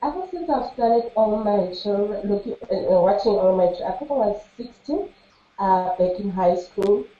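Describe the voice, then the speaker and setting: Woman from South Africa, mellow voice, earnest and halting; dull recording in an echoey room. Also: mid-range voice, animated. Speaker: fan giving a video message. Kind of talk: personal testimony.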